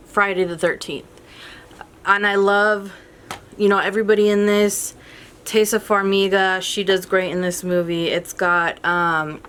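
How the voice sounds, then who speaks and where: A woman's voice: medium pitch, fairly bright tone. Woman, casual vlogger, upbeat and rambling, mid-range voice, faint background noise. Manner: chatty, upbeat, many ums and restarts. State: a bit out of breath. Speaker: movie vlogger. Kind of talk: casual vlog to camera.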